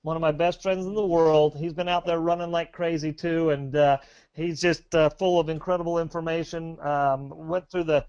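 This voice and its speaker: A man's voice: fairly high pitch, fairly even intonation, normal speed, a little mellow, smooth, no echo, lo-fi sound. A man presenting a sales webinar, upbeat and rambling, with many fillers and restarts.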